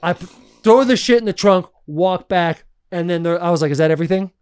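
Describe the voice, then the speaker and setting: Male podcast co-host, casual storyteller, profane and animated, smooth clean voice, dry close mic. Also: high-pitched, a little fast, no room sound. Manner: animated, profane, laughs often.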